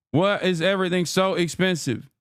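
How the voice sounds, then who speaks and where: A man's voice: high-pitched, animated, a little slow, dry recording, clean studio sound. A man streaming, ranting in exasperated political commentary, sarcastic and swearing freely.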